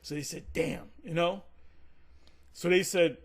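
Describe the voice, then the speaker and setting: A man casually recounting a past church conflict, animated and swearing freely, acting out the others' lines in a raised voice. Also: fairly high pitch, measured pace, long pauses. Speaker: teacher recounting church history. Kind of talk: casual storytelling monologue.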